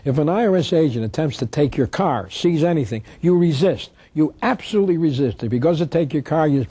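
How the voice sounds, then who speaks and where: A man's voice: a little high, animated, fairly quick, mellow, breathy edge, dry recording. A man giving an instructional talk, emphatic, asking rhetorical questions and answering them himself. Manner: reads statutes aloud. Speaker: tax protest lecturer.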